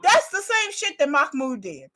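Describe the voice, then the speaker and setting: A woman with a high, bright voice rants on a live reaction stream. She swears nonstop and hammers lines home by repeating them. Her pitch swings wildly, and she keeps cracking up mid-rant. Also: big pitch swings, moderate pace. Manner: swears constantly, breaks into laughter, repeats lines for emphasis. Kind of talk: profane comedic rant.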